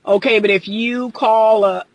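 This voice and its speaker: A woman's voice: fairly high pitch, measured pace, dull audio. A woman relationship coach talking on a livestream, reading out viewer comments and pushing back with emphatic, exasperated rhetorical questions and frequent laughter. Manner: animated, laughs often.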